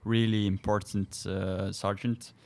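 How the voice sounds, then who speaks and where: A man from Estonia, a comedian and army sergeant, chatting casually in halting English full of fillers and restarts. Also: on the low side, little pitch movement, creaky, a little mellow. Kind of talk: casual podcast chat.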